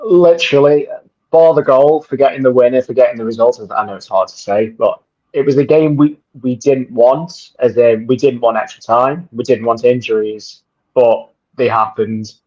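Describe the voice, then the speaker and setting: A man's voice: medium pitch, moderate pace, darkish tone. A man co-hosting a football livestream, giving fluent and enthusiastic fan analysis. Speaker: livestream co-host. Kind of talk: casual football podcast chat. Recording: dull lo-fi mic.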